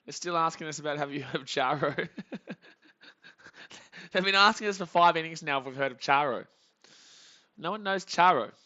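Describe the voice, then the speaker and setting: A young Australian man hosting a live baseball reaction stream, joking with chat and calling pitches, swinging from muttering to shouting. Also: normal speed, long pauses, dull audio. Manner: excitable, jokey, swings between muttering and shouting.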